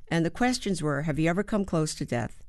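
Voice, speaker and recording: A woman in her seventies, an actor and playwright from the United States, telling stories in an interview with halting starts and rhythmic emphasis. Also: low voice, animated, a little mellow, no echo, studio quality. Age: 70s. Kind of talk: conversational interview.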